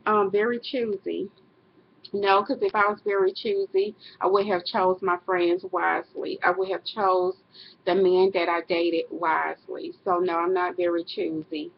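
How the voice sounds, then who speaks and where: A woman's voice: on the low side, little pitch movement, measured pace, creaky, a little hiss or hum. A middle-aged woman, talking casually to camera in a personal vlog, rambling and correcting herself. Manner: rambling, self-correcting, laughs often. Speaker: vlogger. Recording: dull lo-fi webcam audio.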